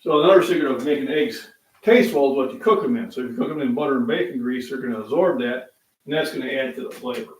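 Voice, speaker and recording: An older man who hosts a fitness channel runs a casual live stream from his home kitchen, cooking as he rambles folksily and talks directly to his viewers. His voice is medium-pitched and fast. The sound is roomy, with his voice off-mic.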